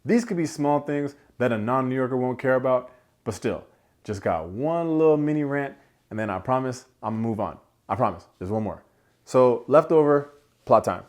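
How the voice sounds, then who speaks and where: A man hosting a casual film review, animated, slangy and joking as he rants. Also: mid-range voice, a little fast. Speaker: movie reviewer, channel host.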